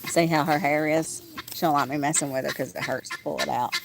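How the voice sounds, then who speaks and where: A woman's voice: deep voice, fairly even intonation, brisk, vocal fry, very noisy. A woman, chatting casually on a livestream from outdoors on her small farm, rambling with frequent "um" fillers. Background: roosters crowing and farm animals.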